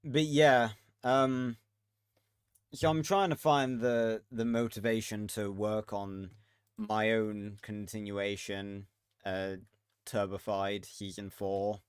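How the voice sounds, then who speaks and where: A man chatting to himself while he builds in a video game, letting out the odd curse. His voice is lowish, smooth and unhurried, recorded dry and close on a desk mic. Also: little pitch movement, dry recording. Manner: muttering to himself while building, swearing and laughing. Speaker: gaming video creator. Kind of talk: casual gameplay commentary.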